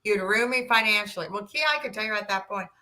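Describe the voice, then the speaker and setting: A woman in her sixties, a podcast guest, telling a personal story in an animated way and acting out the dialogue. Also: medium pitch, fast. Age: 60s. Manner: animated, acts out quoted dialogue, rambling restarts.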